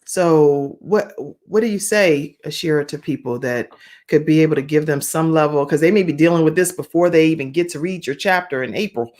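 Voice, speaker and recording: A woman's voice: deep voice, a little fast, a little mellow. A woman hosting an online talk show, emphatic, often repeating herself and humming agreement. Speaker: host. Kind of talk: casual chat on a livestream. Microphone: video call.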